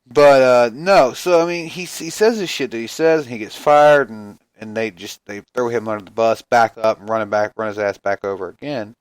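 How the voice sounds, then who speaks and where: A man's voice: medium pitch, normal speed, few pauses, smooth, no echo. Male podcast host, tired and profane, rambling rant, dry close sound. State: tired, yawning. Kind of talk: casual solo podcast rant.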